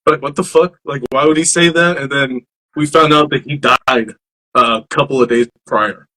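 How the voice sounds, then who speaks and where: A man hosting a podcast, casually telling stories in an animated, profane way. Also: medium pitch, moderate pace, poor audio. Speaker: podcast host. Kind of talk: casual chat.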